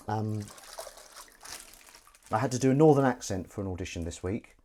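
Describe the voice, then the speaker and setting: A man's voice: on the low side, expressive, moderate pace, pauses often, warm tone, a little hiss or hum. A man, an actor, chatting loosely and self-deprecatingly to live-stream viewers while he does the washing up in his kitchen. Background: faint running water and dish clatter.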